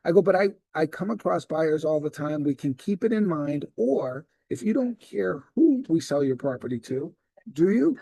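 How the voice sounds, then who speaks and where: A man's voice: fairly high pitch, moderate pace, gravelly, hardly any pauses, no echo. A middle-aged man giving a sales training talk, telling stories and acting out the dialogue in them. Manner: animated storyteller acting out dialogue. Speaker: real estate sales trainer.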